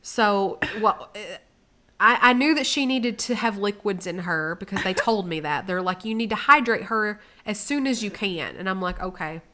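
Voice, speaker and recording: A woman co-hosting a casual chat, telling a story with lively acted-out quotes that rise in volume. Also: medium pitch, normal speed, a little hiss or hum. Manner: animated, acts out quotes with rising volume. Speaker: co-host.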